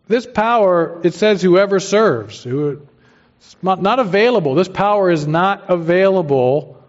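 A man's voice: on the high side, a little mellow. A man preaching a sermon as pastor, emphatic and using homely everyday analogies. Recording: dull lo-fi sermon recording.

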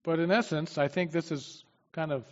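A man preaching a sermon with emphasis, swinging from loud declarations to quiet asides. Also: on the high side, steady tone, normal speed. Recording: dull, long-reverb hall sound.

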